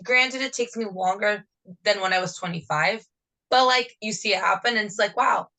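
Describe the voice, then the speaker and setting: Bright-voiced chatty New Jersey woman. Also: mid-range voice, moderate pace, poor audio. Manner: chatty, rambling, jumps between topics. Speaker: podcast co-host. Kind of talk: casual chat.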